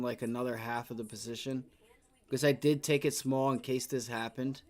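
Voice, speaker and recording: Brief: young male day trader streaming live, frustrated and foul-mouthed, average pitch. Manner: frustrated, swears, repeats exclamations. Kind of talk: live trading commentary.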